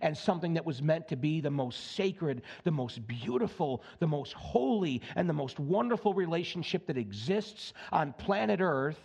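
A male pastor delivers a sermon with a voice that sits a bit high and moves freely across its range. He is animated, switching quickly between earnest teaching and playful asides. He speaks through a church sound system. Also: vocal fry, husky.

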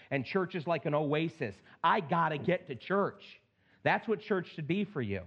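A middle-aged male pastor preaching a sermon in an animated, plain-spoken way with joking asides. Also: on the high side, muffled recording.

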